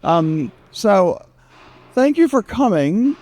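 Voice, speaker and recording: A man from the United States moderating a panel, talking quickly and jokingly into a handheld microphone. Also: high-pitched. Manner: animated, jokey, fast-talking. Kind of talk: lively panel talk. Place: screening event room.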